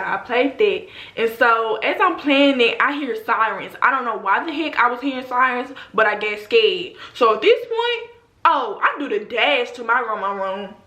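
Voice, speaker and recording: A young adult woman vlogger telling a story in a slangy, animated way, talking straight to her viewers. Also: on the high side. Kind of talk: casual storytime. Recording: roomy echo.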